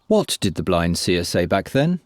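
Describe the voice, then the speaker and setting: An actor playing a mocking, condescending young village bully in a video game. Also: male voice, low voice, sing-song, moderate pace, no echo, studio quality. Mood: scheming.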